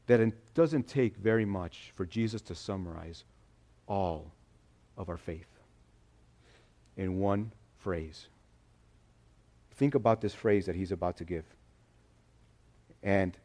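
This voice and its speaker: A man preaching a sermon in a conversational, animated way, acting out quotes as he goes. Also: lowish voice. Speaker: pastor.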